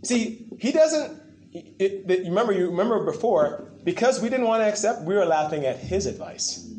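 A man preaches a sermon in a high voice whose pitch swoops up and down. He acts out the quotes he tells and asks the listeners to answer him. The sound rings in an echoey hall. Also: normal speed. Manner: animated, acts out quotes, asks the crowd for replies. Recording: echoey room.

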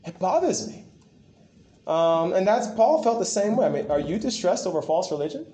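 A man's voice: high voice, normal speed. A man preaching a sermon with passion, repeating himself for emphasis and telling stories. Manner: impassioned, repetitive, animated storytelling. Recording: echoey room.

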